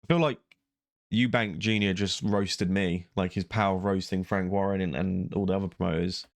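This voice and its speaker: A young man with a very low, gravelly voice, talking in a rambling, sarcastic and self-mocking way over a video he is reacting to. The sound is close and dry, with no room around it. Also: level tone, brisk, no room sound. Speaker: YouTube reaction host. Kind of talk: casual reaction commentary.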